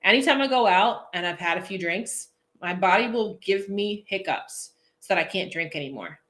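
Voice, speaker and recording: A woman's voice: medium pitch, expressive, normal speed, a bit bright. A woman coaching viewers in a casual live-stream chat, chatty and goofy, laughing often and answering comments aloud. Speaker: posing coach hosting a live feed.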